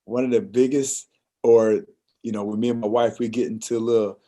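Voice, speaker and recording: A man's voice: medium pitch, fairly even intonation, normal speed, mellow. A man hosting a podcast, talking in an enthusiastic, affirming way with loose, rambling sentences. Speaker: podcast host. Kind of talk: podcast conversation.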